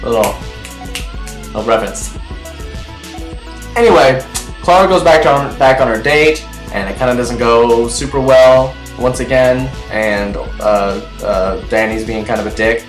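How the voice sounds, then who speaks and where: Excitable young man rambling in an echoey room. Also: medium pitch, a little slow. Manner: excitable, chatty, full of fillers and restarts. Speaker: TV episode reviewer. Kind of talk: casual rambling review. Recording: echoey room with faint music.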